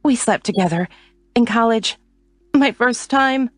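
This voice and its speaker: A woman's voice: medium pitch, moderate pace, a little mellow, dry recording, soft background music, pitched above the performer's own voice, natural voice. A woman voicing a heartbroken young woman who is crying, with a raised, shaky voice. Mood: tearful.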